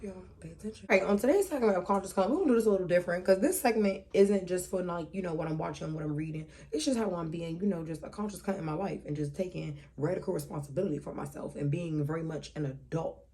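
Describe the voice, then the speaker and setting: Low, gravelly-voiced woman hosting a casual talk show. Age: 20s. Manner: loose, profane and animated, with frequent asides and laughs.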